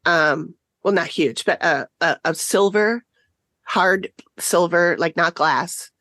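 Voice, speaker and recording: A woman co-hosting a podcast talks in a low-ish voice, chatty and quick to laugh as she tells a story. Her voice sits dry and close to the mic, with no room sound around it. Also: fairly bright tone, no room sound. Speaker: podcast co-host. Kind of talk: casual chat.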